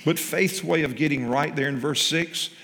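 Male preacher, gravelly voice, booming church hall echo, builds to emphatic lines. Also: moderate pace. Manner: animated storytelling, rising to emphatic preaching. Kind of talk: sermon with story. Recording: long hall reverb.

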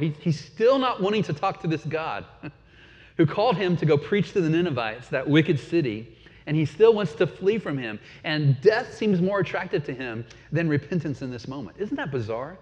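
A man's voice: a little high, very animated, normal speed, darkish tone. A man preaching a sermon in a conversational way, often asking his listeners questions. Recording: dull sound with long hall reverb.

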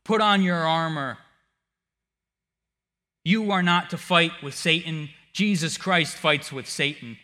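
A male preacher delivering a sermon, swinging from hushed tones to shouting. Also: on the high side, slow pace, long pauses. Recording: long hall reverb.

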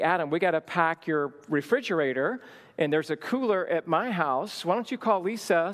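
A man's voice: fairly high pitch, in a large hall. A man in his thirties telling a personal story at a marriage teaching session, acting out the dialogue with lots of energy. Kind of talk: storytelling talk.

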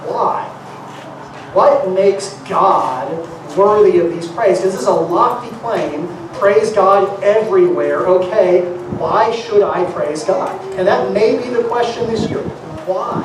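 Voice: medium pitch, slow pace. Earnest preacher in a very echoey sanctuary. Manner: earnest, preacher-like, repeating phrases for emphasis. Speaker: pastor. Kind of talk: sermon. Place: church sanctuary. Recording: very echoey hall, mic far off, noisy.

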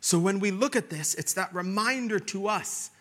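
A man preaching a sermon in a church, swinging between loud emphatic declarations and hushed, whispered lines. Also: high-pitched, normal speed. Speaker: pastor.

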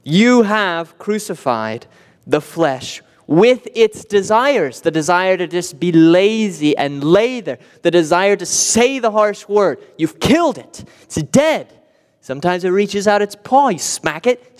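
A man's voice: on the high side, smooth, big-room sound. A man preaching a sermon earnestly, with vivid imagery and rhetorical repetition. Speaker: pastor.

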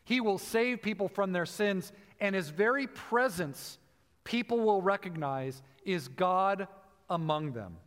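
A man preaching a sermon, explaining scripture and slowing down to stress key phrases. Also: high-pitched, expressive, a bit bright. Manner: teaching, emphatic with slow stressed phrases. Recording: long hall reverb.

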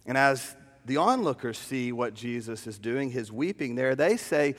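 A middle-aged man, a pastor, preaching a sermon in a church. He moves between hushed, slow tenderness and animated storytelling. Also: medium pitch. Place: church sanctuary. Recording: long hall reverb.

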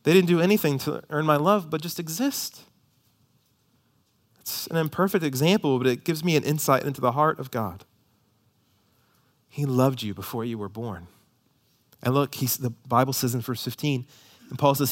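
Male pastor, 30s, sermon delivery, medium pitch, swings between loud emphatic lines and soft near-whispers. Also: normal speed, long pauses.

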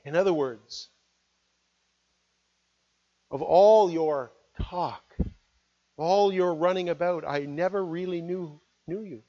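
High-voiced preacher, earnest. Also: male voice, slow pace, pauses often, muffled recording. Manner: earnest preaching, swings from loud appeals to hushed words. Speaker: pastor. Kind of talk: sermon.

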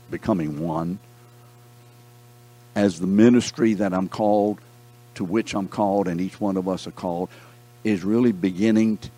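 Low-voiced guy teaching a bible lesson, jokes around, calls on his class by name. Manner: animated, joking storyteller who calls on students by name.

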